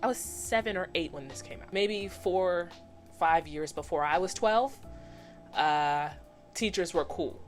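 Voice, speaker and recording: A woman in her twenties giving a chatty, animated recap of a cartoon episode, slipping into voices for the characters. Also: fairly low pitch, unhurried, soft background music. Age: 20s. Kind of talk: casual commentary recap.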